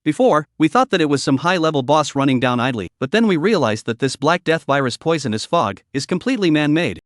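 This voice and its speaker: A man voicing an excitable young male student who eagerly passes on gossip in a recap story. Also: fairly high pitch, fairly quick, no echo, clean studio sound, close to an everyday voice.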